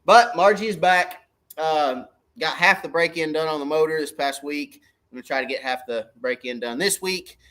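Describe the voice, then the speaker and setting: A man's voice: a little high, normal speed, a bit bright. A middle-aged man, hosting a casual fishing livestream in a folksy, rambling way and greeting viewers by name. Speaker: fishing channel livestream host.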